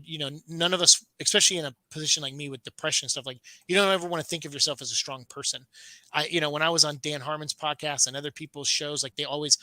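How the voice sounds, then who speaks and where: Bright, candid man on a podcast panel. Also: on the high side, no echo, low-quality recording. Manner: candid, halting, many restarts. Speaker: host. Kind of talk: casual panel chat.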